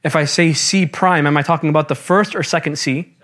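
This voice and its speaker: High-voiced man teaching an animated class. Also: fairly quick. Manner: lively, quizzes the class, casual slang. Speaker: religious teacher. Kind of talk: interactive classroom lecture. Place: classroom with students and slides.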